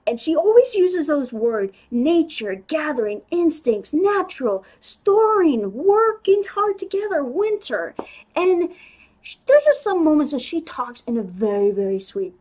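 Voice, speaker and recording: A woman's voice: high voice, a little slow. Chatty young woman reviewing a movie. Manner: chatty and animated, many "like"s and restarts. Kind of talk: casual spoken review.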